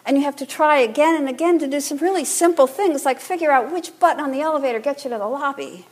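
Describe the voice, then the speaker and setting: A woman priest giving a sermon in a relaxed, conversational teaching manner, drawing the congregation in to repeat words. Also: sits high, fast talker.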